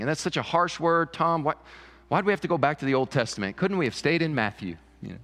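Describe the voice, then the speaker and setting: A man's voice: fairly high pitch, animated, fast, fairly bright tone, faint music behind. A man preaching a sermon as pastor, emphatic, repeating key phrases. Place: church sanctuary. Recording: church hall reverb.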